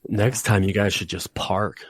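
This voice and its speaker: A man's voice: low-pitched, fairly even intonation, unhurried, breathy edge. A tired man co-hosting a podcast in casual chat, teasing his partner with dry remarks. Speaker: podcast co-host.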